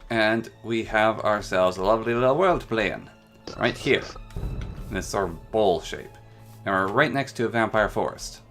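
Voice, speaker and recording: A man talks through his gameplay stream in a playful, rambling way. His voice sits low with a gravelly fry. Game music plays clearly behind him. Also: moderate pace, fairly bright tone. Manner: playful, chatty, rambling asides. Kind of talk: casual gameplay commentary. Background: background music and keyboard typing.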